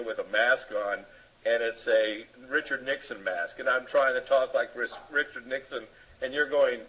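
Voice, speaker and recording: Husky man on a lo-fi voice chat. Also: mid-range voice. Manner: animated storyteller with lots of fillers. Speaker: participant in an online group. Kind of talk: casual sharing in a group talk. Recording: lo-fi online voice chat.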